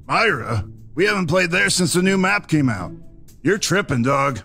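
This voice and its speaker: A man's voice: a little high, big pitch swings, normal speed, creaky, pushed and bright, soft background music, heavily acted. A man voicing a cocky, laid-back male crewmate in a cartoon who talks in casual slang. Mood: dismissive. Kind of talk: cartoon voice acting.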